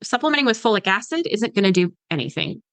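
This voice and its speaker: A woman's voice: medium pitch, sing-song, quick pace, a bit bright, no echo, poor audio. Dietitian woman explaining, dry sound. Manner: explanatory, many "like" fillers, mimics patients. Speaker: registered dietitian guest. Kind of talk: podcast conversation.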